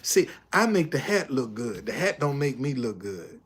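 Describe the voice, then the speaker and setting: A man's voice: moderate pace, husky. An older man streaming live, retelling a confrontation with heavy profanity and repetition, then chatting with viewers. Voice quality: profane, emphatic storytelling with repetitions. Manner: animated, loud retelling, drops low when reading chat. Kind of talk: casual live stream talk.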